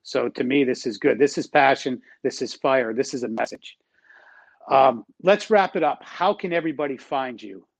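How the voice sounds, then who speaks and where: A man's voice: mid-range voice, moderate pace, vocal fry, poor audio. A man hosting an interview, encouraging and affirming toward his guest. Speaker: host. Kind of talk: interview talk.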